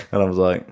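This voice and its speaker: A man co-hosting an anime podcast in casual chat, acting out his own reactions. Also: low-pitched. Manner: animated storytelling, acts out his own reactions in quotes. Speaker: podcast co-host.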